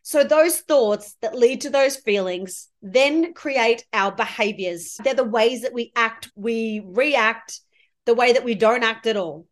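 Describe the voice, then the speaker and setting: Slow and a little high-pitched, a woman talks alone on her podcast as a money mindset coach. She coaches in a spiritual, effusive, heartfelt way.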